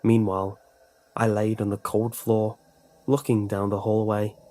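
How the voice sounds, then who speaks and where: A man narrating a horror story in a steady, measured way. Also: on the low side.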